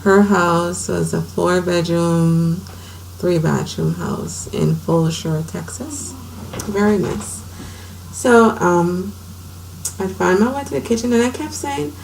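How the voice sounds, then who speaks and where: A woman's voice: lowish voice, slow, gravelly, darkish tone, slight background noise, poor audio. A middle-aged woman from Saint Croix telling her personal story at home in a candid, conversational way. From Saint Croix, US Virgin Islands. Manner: candid, conversational, emotional retelling. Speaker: vlogger.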